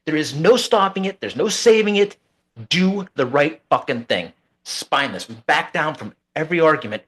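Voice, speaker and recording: A man's voice: a little high, very animated, normal speed, fairly bright tone. Profane man ranting about politics. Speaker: podcast co-host. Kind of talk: casual political talk.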